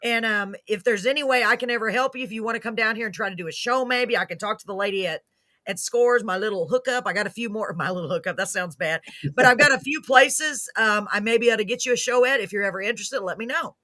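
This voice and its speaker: A woman's voice: fairly high pitch, fast, pushed and bright, no echo, studio quality. A woman hosting a live music show, chatting casually, gushing and laughing often as she rambles. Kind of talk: casual live-stream chat.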